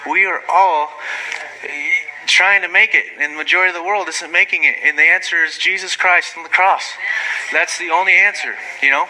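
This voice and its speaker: A man giving an informal, rambling sermon, full of asides and quick apologies, rising sharply when he gets excited. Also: fairly high pitch, slight background noise, rough recording. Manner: rambling, self-deprecating, frequent asides and apologies; animated, voice jumping up when excited. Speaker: lay preacher.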